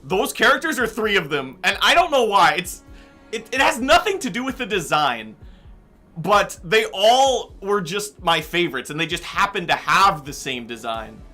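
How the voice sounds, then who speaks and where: Bright-voiced young man rambling while gaming. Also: high-pitched, very animated, normal speed, faint music behind. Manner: rambling, tangent-prone, heavy use of "like" and "um". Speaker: game streamer. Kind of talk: casual chat while gaming.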